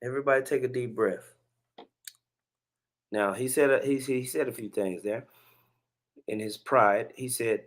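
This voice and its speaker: A man hosting a religious commentary show in a relaxed, chatty way. His voice sits in an ordinary middle range. He preaches between clips and breaks off into chuckling asides. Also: mid-range voice, unhurried, pauses often. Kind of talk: casual commentary on video clips.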